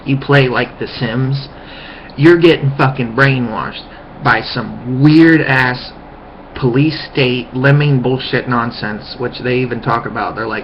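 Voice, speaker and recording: A man's voice: medium pitch, measured pace, a little hiss or hum. A man in a heated, profane ranting monologue, recorded on a webcam microphone. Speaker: vlogger. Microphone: webcam mic. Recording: muffled lo-fi webcam audio.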